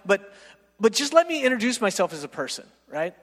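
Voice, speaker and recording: Male preacher with a high voice, lively self-mocking anecdotes, echoing through a big church hall. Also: fairly quick. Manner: animated, self-mocking storyteller, keeps asking "right?". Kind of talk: storytelling sermon. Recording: long reverb of a large hall.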